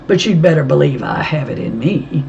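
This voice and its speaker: A woman's voice: sits low, animated, normal speed, creaky, dark tone, lo-fi sound, slight background noise. A woman voicing a stern military man in an audiobook, giving clipped, firm commands. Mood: commanding. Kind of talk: audiobook character voice.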